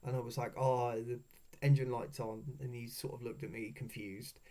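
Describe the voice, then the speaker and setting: Man, young adult, casual storytelling voice-over, swears freely, laughs along, medium pitch. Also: steady tone, normal speed, mellow. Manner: swears freely, chatty, laughs at own stories. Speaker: vlogger.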